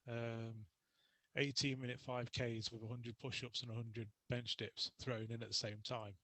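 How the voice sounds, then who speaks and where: A man's voice: medium pitch, little pitch movement, moderate pace, sharp tone, dry recording, rough recording. A young adult man chatting as a podcast guest, telling casual stories and laughing often. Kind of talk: casual interview chat.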